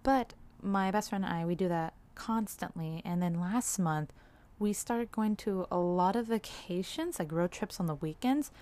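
A young woman talking candidly in a personal vlog, rambling a little, with frequent "like"s and soft laughs. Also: fairly low pitch, normal speed. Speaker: vlogger.

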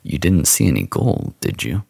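A man voicing a stout, gruff, domineering frontier Indian agent who gives curt, menacing orders. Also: sits low, very animated, normal speed, mellow, no echo, clean studio sound, full character voice. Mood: smooth.

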